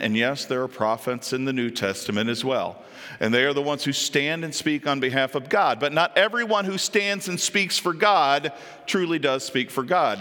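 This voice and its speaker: A male pastor preaching from the stage, with a bright, ringing voice pitched a little high. He reads scripture and then explains it, often putting questions to the congregation. The sound carries a long hall reverb. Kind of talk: sermon. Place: church stage.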